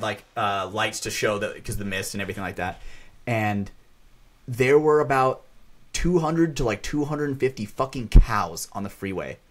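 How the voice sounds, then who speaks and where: A man on a podcast telling a rambling casual story, full of fillers and swearing. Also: on the low side. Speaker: podcast co-host.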